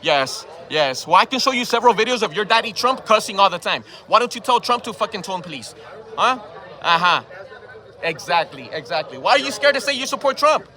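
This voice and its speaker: Pitched high and very animated, this man talks a little fast in a bright, forceful tone. He's outdoors in a heated confrontation, hammering people with repeated questions and swearing, all captured on the phone camera in his own hand.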